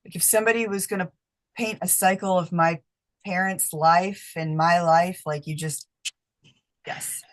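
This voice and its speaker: A woman's voice: fairly low pitch, fairly even intonation, unhurried, a bit bright. A woman talking casually as a coaching client, hesitant, with lots of fillers and restarts. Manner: hesitant, filler-heavy speech. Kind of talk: casual conversation.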